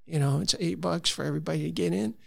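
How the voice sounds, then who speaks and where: A man's voice: a little high, fast, creaky, darkish tone, no echo, clean studio sound. A man from Florida, a conservation advocate, telling stories earnestly in a conversational interview with frequent restarts. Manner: earnest, storytelling with many restarts.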